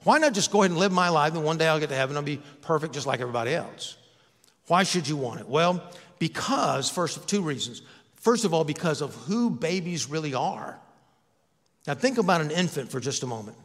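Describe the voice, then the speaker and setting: A man's voice: fairly high pitch, lively intonation, a little fast, fairly bright tone, big-room sound. An older man and pastor giving a conversational sermon, asking the congregation rhetorical questions. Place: church sanctuary.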